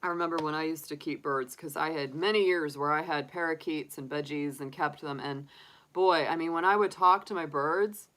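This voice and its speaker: Middle-aged woman, tarot reader, low-pitched, rambling chatty delivery. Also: moderate pace, fairly bright tone. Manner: chatty, rambling, many fillers. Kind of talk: casual livestream tarot reading.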